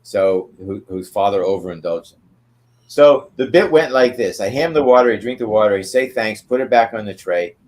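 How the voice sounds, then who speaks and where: A man's voice: lowish voice, expressive, normal speed, darkish tone. An older man, an interview guest, telling rambling show-business stories and checking in with "right?" as he goes. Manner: rambling, tags remarks with "right?". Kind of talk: anecdotal storytelling.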